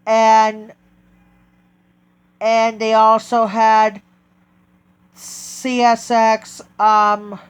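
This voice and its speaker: A man talking casually in a vlog, halting and correcting himself often as he goes. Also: sits high, completely flat delivery, clear, resonant tone. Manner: halting, with many restarts and self-corrections. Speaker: train video vlogger.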